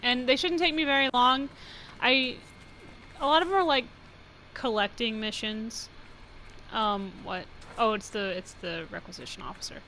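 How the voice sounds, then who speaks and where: A young woman from New Mexico talks her way through a game stream in a loose, rambling way, laughing often and leaning on "like." Her voice is bright and forward. A faint hiss sits under her voice. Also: on the high side, moderate pace, rough recording. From New Mexico, USA. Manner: chatty, rambling, laughs often, says "like" a lot. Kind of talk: casual live-stream commentary.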